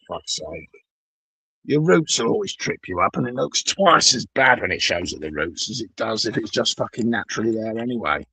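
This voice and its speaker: A man's voice: medium pitch, creaky, pushed and bright, breathy edge, no room sound, rough recording. A middle-aged man, ranting alone to camera in a blunt, sweary, sardonic way. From Britain. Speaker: vlogger. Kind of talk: profane solo rant.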